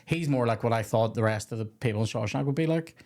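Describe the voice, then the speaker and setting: A man's voice: mid-range voice, quick pace, darkish tone. A young Scottish man hosting a comedy podcast, chatting casually and joking with a lot of swearing. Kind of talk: casual chat.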